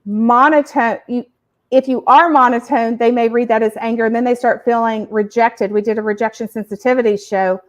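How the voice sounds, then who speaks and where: Woman host, parenting podcast, emphatic teaching, lively delivery, slightly high voice. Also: brisk. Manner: animated, emphatic, uses acted examples. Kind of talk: educational explaining.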